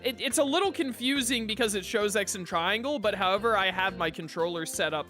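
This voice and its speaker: A gaming YouTuber casually commenting while playing, quickly guessing and joking at himself. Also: mid-range voice, sharp tone. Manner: quick guessing, self-mocking asides. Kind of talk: casual let's-play commentary. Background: game music.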